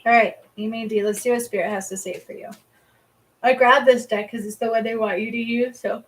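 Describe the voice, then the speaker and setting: A woman's voice: medium pitch, steady tone, fairly quick, poor audio. A woman reading cards and giving healings on a casual livestream, chatty, laughing often and swearing casually. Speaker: psychic reader and energy healer.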